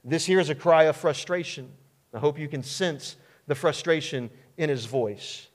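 A male pastor preaching a sermon in an earnest, emphatic way with dramatic pauses. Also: a little high. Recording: long hall reverb.

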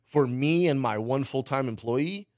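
With a mid-range, slightly mellow voice and a somewhat slow pace, this interview guest, who once grew cannabis, meanders through a casual story full of "like" and occasional profanity. The studio recording is clean with no echo.

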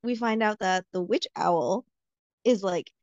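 A woman's voice: medium pitch, a little slow, dry recording. A woman in a casual book chat, musing aloud with curiosity and frequent giggles. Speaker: book discussion co-host. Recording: dull, lo-fi dry recording.

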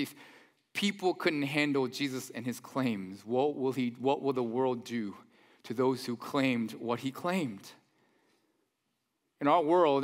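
A man preaching a sermon in a church, conversational and animated, with mock-incredulous asides. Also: mid-range voice. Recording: long hall reverb.

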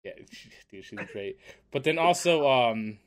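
Animated man co-hosting a podcast. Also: medium pitch, measured pace, clear, resonant tone. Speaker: podcast co-host. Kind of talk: casual chat.

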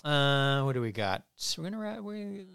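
A woman's voice: sits low, big pitch swings, normal speed, creaky, fairly bright tone, clear, resonant tone, no echo, studio quality. A woman co-hosting a casual podcast, playful and fond of repeating words for fun. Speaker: podcast co-host. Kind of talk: casual chat.

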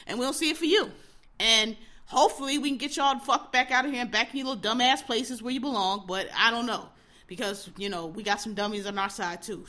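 A woman's voice: a little high, sharp tone. A young adult woman hosting a solo podcast, ranting bluntly and profanely, with sarcastic mocking asides. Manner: sarcastic mocking impressions of others. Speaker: podcast host.

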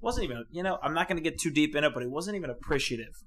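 A man's voice: on the high side, animated, racing, fairly bright tone, a little hiss or hum. A man co-hosting a podcast, rambling through a crude story in casual chat, full of fillers. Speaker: podcast co-host.

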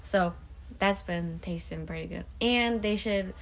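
A young college woman talks through her week on a casual podcast in a relaxed, musing way. Faint noise hums under her voice. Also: fairly low pitch, a little slow. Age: young adult. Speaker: podcast co-host, college soccer player. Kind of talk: casual chat.

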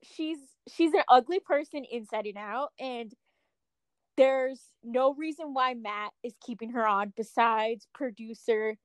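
Woman co-host, high voice, catty and profane, dry close recording. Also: measured pace, no echo. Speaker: podcast co-host. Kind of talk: casual chat.

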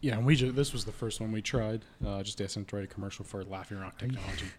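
Fast-talking low-voiced male co-host. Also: little pitch movement, darkish tone, slight background noise. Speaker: podcast co-host. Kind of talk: casual chat.

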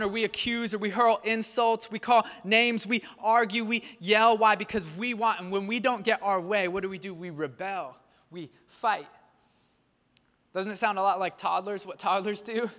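A man in his thirties, a pastor preaching a sermon in a conversational, animated storytelling way. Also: sits high. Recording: long hall reverb.

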